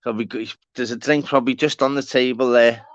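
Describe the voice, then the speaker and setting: A man's voice: mid-range voice, fairly even intonation, quick pace, no room sound. Matey Scouse man on a lo-fi stream. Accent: Liverpool (Scouse). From Walton, Liverpool, England. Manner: rambling and matey, swears, calls viewers by name. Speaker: live stream host. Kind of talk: casual live-stream chat to viewers.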